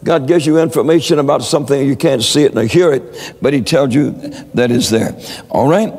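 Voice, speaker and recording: A man's voice: medium pitch, fairly quick, a little mellow, in a large hall. A man preaching a sermon, telling stories with many stammered repeats. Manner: storytelling with frequent stammered repeats.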